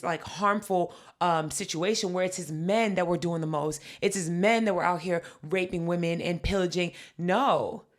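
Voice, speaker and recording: A woman co-hosting a podcast, telling a story in casual chat with lively, profane delivery. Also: on the low side. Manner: animated, profane, acts out quotes. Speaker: podcast co-host.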